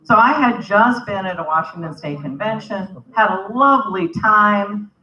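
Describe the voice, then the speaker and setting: A woman's voice: medium pitch, normal speed, pushed and bright, slight background noise. A woman giving a humorous banquet speech, telling a story and acting out the other people's lines. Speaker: banquet speaker. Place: convention banquet hall. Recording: roomy, distant, slightly dull hall recording.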